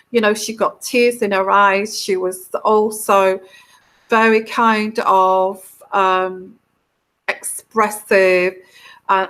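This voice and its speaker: Slow, bright-voiced woman chatting. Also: medium pitch. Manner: rambling, heartfelt, with frequent restarts and put-on quoted voices. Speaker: tarot reader hosting a live stream. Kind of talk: live-stream chat to viewers.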